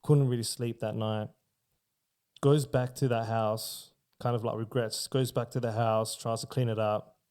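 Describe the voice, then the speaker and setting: A man's voice: mid-range voice, steady tone, unhurried, darkish tone, smooth. A man chatting casually on a podcast, rambling through spooky stories with lots of swearing and filler words. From Australia. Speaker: podcast guest. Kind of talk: casual storytelling chat.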